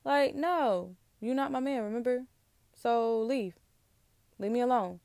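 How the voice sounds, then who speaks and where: A woman's voice: fairly high pitch, unhurried, dry recording, clean studio sound. Sassy young woman ranting. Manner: sassy, animated, emphatic with laughs. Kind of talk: casual relationship rant to camera.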